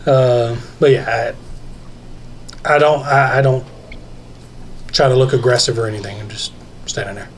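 A man playing a tabletop game, halting and restarting as he speaks. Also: mid-range voice, fairly even intonation, a little hiss or hum. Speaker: player.

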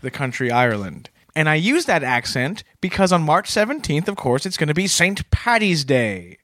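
A man co-hosting a comedy podcast in earnest, mild banter with a quick chuckle. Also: fairly high pitch, sing-song, fairly bright tone, dry recording, studio quality. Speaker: podcast co-host.

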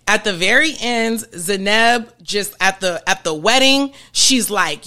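A woman hosting a podcast, explaining ideas in a chatty, animated way and often checking in with her listeners. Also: medium pitch, measured pace, few pauses. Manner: chatty, keeps checking in with "okay?" and "right?"; animated, laughs between points. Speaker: podcast host. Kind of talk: casual explanatory podcast talk.

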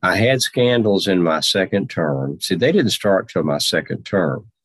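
Male reenactor as a formal old general-president; deep voice, slow measured delivery, dry close sound. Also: expressive, slightly rough, no echo, full character voice. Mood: earnest. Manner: slow, deliberate, formal nineteenth-century phrasing. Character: aging Civil War general and president, dignified, measured. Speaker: historical reenactor in character. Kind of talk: first-person historical portrayal.

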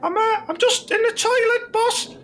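A man's voice: very high-pitched, moderate pace, a bit bright, a little hiss or hum, voice pushed up. A man voicing a timid young male footballer, stammering and pleading with his boss.

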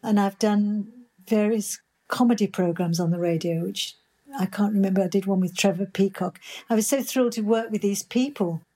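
An older actress from Birmingham, England, answers interview questions in a chatty, enthusiastic way. Her voice is mid-range and mellow, at normal speed.

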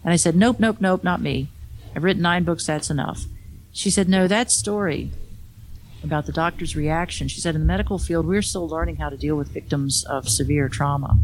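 A woman's voice: deep voice, a little hiss or hum. Candid woman telling a personal story. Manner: candid, conversational, with wry asides. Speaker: author and speaker.

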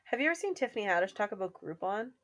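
A woman co-hosting a casual chat, animated and laughing as she tells stories. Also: medium pitch, racing. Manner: animated storyteller, laughs while telling. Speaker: podcast co-host.

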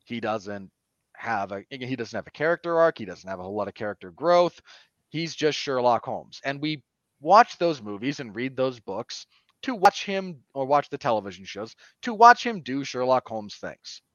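A man co-hosting a podcast, talking through a film review in an animated, opinionated way with sudden emphatic jumps. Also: medium pitch, normal speed, dry recording. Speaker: podcast co-host. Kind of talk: casual film review chat. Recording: dull, dry lo-fi podcast audio.

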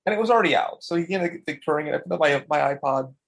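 A man co-hosting a podcast in casual chat, rambling and excitable, swearing a lot and acting out what people said. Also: fairly high pitch, very fast, vocal fry. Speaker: podcast co-host.

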